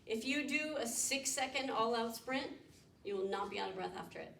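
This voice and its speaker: A woman's voice: on the high side, animated, normal speed, creaky, fairly bright tone. A woman professor giving a classroom lecture, quizzing students and explaining step by step. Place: lecture room. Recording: echoey room mic from far off, background noise.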